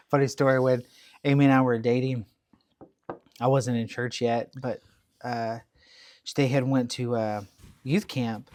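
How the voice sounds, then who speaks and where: A man's voice: medium pitch, little pitch movement, a little slow, pauses often, darkish tone. A man co-hosting a casual podcast, laughing often and telling stories with acted-out quotes. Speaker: podcast co-host. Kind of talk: casual chat.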